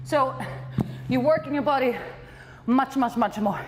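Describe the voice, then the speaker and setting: A high-voiced woman leads a workout class, cueing each move and encouraging everyone. She is out of breath, speaking between exercises in a reverberant hall with a faint hum of ambience behind her. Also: unhurried. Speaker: fitness trainer.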